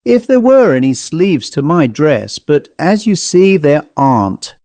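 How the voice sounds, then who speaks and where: A man reading aloud and voicing an excitable, petulant young spinster woman in a high, fussy manner. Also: a little slow, dry recording. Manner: high, fussy, breathless delivery.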